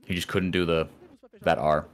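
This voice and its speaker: A man co-casting an esports stream, talking in rambling, animated casual chat with many restarts. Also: low voice, moderate pace. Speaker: esports co-caster.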